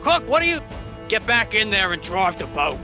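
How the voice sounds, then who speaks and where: A man's voice: high voice, sing-song, moderate pace, voice pushed up. A man voicing a startled, flustered male sailor who yelps in alarm. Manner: alarmed, yelping exclamations. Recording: music playing clearly behind.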